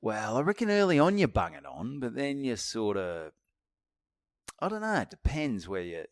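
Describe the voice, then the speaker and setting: A man's voice: medium pitch, huge pitch swings, normal speed, no echo, studio quality. A man, co-hosting a podcast in casual, jokey chat and finishing his co-host's sentences. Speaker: podcast co-host.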